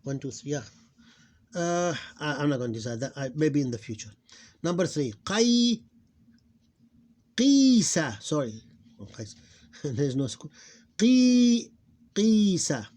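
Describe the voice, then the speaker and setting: A man teaching a phonics lesson, slowly repeating each syllable and stressing it loudly. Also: mid-range voice. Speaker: Arabic teacher.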